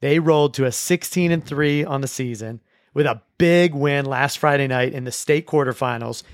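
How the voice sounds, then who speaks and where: A man's voice: medium pitch, normal speed. A man hosts a school sports show in an easygoing way, recapping games in an ordinary middle voice. He often trips over his words and restarts sentences. The sound is close and dry, with no room echo. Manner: relaxed, with frequent restarts and repeated words. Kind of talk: casual sports recap chat.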